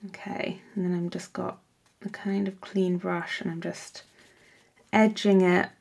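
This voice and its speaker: A woman hosting a painting tutorial, chatting casually as she works and often dropping into soft whispers. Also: lowish voice, flat delivery, a little slow, gravelly, breathy edge. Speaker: art workshop host.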